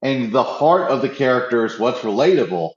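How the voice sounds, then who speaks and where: A man's voice: medium pitch, big pitch swings, a little fast. Eager man, casual chat, roomy slightly dull recording, frequent restarts. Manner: enthusiastic, restarts often, acts out quotes. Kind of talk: casual pop-culture chat.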